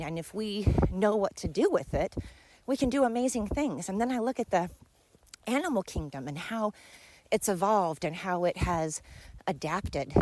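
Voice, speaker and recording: A young woman, hosting her podcast in a chatty, excitable ramble while out of breath from walking uphill outdoors. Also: medium pitch, no echo. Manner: chatty, excitable, says frickin' a lot. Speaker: podcast host. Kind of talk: casual rambling monologue.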